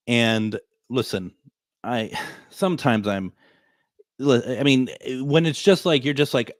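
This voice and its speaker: A man's voice: medium pitch, lively intonation, takes it slowly, dry recording, clean studio sound. Rambling male radio host telling a story. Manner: rambling, self-correcting, chuckling. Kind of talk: casual storytelling to listeners. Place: radio studio.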